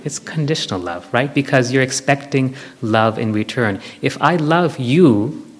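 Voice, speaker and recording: A man giving a devotional talk to an audience, animated, leading them in group chants. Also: mid-range voice, measured pace. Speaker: spiritual speaker. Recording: hall with long reverb.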